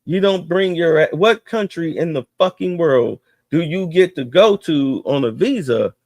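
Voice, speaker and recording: Gravelly man ranting, profane and heated. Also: fairly high pitch, lively intonation, unhurried, darkish tone, dry recording, studio quality. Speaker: streamer. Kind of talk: ranting political commentary.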